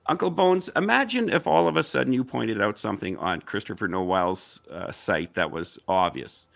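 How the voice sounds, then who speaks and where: Insistent gravelly man arguing his case. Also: fairly low pitch, expressive, normal speed, a bit bright, no room sound. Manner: insistent, argumentative, rhetorical questions. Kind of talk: heated online panel discussion.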